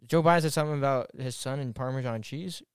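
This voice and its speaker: A man co-hosting a movie podcast, wry and quick to laugh in casual chat. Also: mid-range voice, clear, resonant tone, dry recording, clean studio sound. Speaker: podcast co-host.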